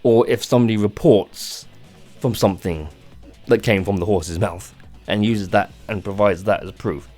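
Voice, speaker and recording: A tired man rants off the cuff on a gaming vlog, rambling and halting with many restarts and plenty of swearing. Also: fairly low pitch, a little mellow, soft background music. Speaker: gaming channel host. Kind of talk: unscripted rant vlog.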